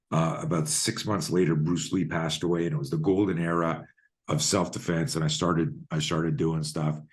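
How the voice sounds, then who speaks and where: A man in his sixties, a guest on a video call, telling a personal story in a lively way and swearing freely. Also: sits low. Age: 60s. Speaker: guest, self-defense expert.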